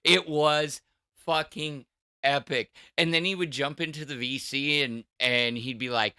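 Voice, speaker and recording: A man's voice: a little high, unhurried, bright, forceful tone, clear, resonant tone, dry recording, clean studio sound. A man co-hosting a casual livestream chat, rambling and restarting his sentences as he tells stories. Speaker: podcast co-host.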